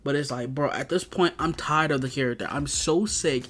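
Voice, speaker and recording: A man's voice: on the high side, very animated, quick pace, few pauses. Exasperated man ranting in a review. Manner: exasperated, profane, heavy use of "like". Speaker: video reviewer.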